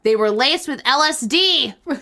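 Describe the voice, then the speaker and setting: Woman podcast co-host, higher voice, reads listener stories with giggly, playful asides. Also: animated, normal speed, bright, forceful tone. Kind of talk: casual chat and reading aloud.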